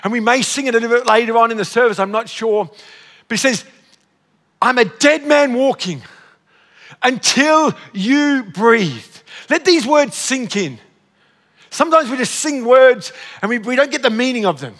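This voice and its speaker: A man in his fifties preaching a sermon as pastor, exclaiming, breaking into shouts and laughing at himself. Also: very high voice, animated, fairly quick. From Australia. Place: church auditorium. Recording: long church hall reverb.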